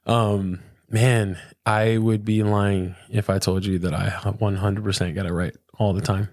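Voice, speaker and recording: A man's voice: fairly low pitch, level tone, unhurried, darkish tone, no echo, studio quality. A man in his thirties, a pastor, talking earnestly and reflectively in a casual interview, often saying "man" and "dude". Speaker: pastor, podcast guest.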